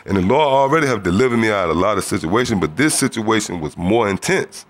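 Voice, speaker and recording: A man shares a religious testimony in a relaxed storytelling manner. His voice sits fairly low, and he acts out the other people in the story as he talks. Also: fast talker. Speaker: testimony speaker.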